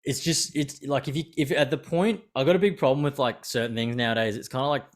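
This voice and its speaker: A young Australian man hosts an unscripted podcast chat. He swears freely and keeps it animated, slipping into quick impressions of other people. His voice sits at an average pitch for a man. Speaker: podcast host.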